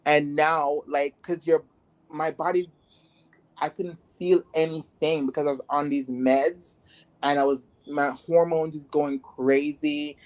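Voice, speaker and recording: A woman's voice: deep voice, fairly even intonation, slow pace, a little mellow. Blunt, rambling woman guest. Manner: blunt, rambling, frequent "like" fillers. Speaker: interview guest. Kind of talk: casual candid conversation.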